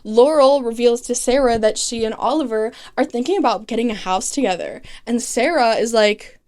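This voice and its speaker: A young woman talks through the plot of a TV season in a chatty, sarcastic way, peppering it with "like" and "okay". Her voice sits slightly high. She sounds relaxed and playful, like a regular running her own recap channel. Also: normal speed, hardly any pauses. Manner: chatty, sarcastic, lots of 'like' and 'okay'. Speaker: recap host. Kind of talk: casual comedic recap narration.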